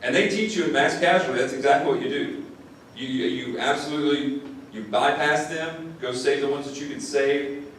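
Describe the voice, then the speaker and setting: Deputy telling a story in an echoey hall. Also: male voice, mid-range voice. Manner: earnest, repeats words when moved. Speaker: sheriff's deputy speaker. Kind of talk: first-person storytelling to an audience. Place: classroom or lecture hall. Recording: distant mic in an echoey room, faint noise.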